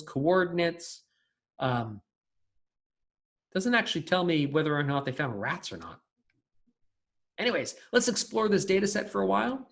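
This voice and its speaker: A man teaching a recorded programming class, talking casually and thinking aloud with fillers and restarts. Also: a little high. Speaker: lecturer. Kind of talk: recorded coding lecture.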